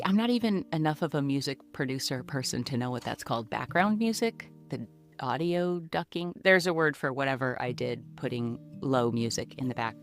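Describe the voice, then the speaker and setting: An American podcast host and comedian chats casually on her solo show, goofy and self-mocking, recorded in a small closet. Her voice is very deep and a bit bright.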